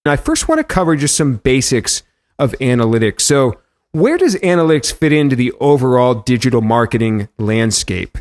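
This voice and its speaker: Lively male podcast host. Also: medium pitch, normal speed. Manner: lively, upbeat, clear intros. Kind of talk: podcast intro and interview.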